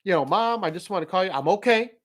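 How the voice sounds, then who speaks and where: A man hosts in a casual, animated way, telling a story and offering motivational advice while laughing along. His voice sits high and moves quickly.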